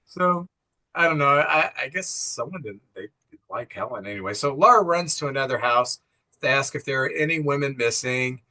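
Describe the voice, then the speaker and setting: A man's voice: medium pitch, lively intonation, moderate pace, pushed and bright. A middle-aged man co-hosting a casual movie recap, acting out the film's dialogue in quoted voices and laughing at his own jokes. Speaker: co-host, father.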